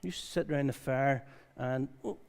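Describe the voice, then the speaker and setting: A man preaching a conversational sermon at a church service, reading scripture and telling stories in a lively way. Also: mid-range voice, fairly quick, creaky, clear, resonant tone. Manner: lively storytelling, reads scripture aloud. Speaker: pastor.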